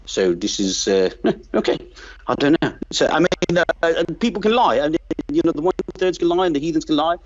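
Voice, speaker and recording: A man's voice: fairly high pitch, animated, a little fast, dull audio, close to an everyday voice. A man putting on a pompous, condescending religious guest with a British accent, talking down to the audience on a call. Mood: dismissive. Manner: haughty, dismissive, self-important.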